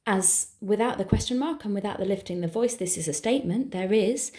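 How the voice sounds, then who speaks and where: A patient English woman talks a student through exam preparation and slows down to model each phrase. Her voice is mellow and soft-edged, and her pitch sits at an ordinary level. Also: reverberant. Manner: clear, patient explanations, slowing down for modelled phrases. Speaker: language teacher.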